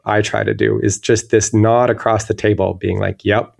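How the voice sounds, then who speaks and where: A man's voice: fairly low pitch, level tone, normal speed, vocal fry, darkish tone. A man speaking as a guest in an interview, thoughtful and searching, often restarting his sentences. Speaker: guest illustrator. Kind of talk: reflective interview talk.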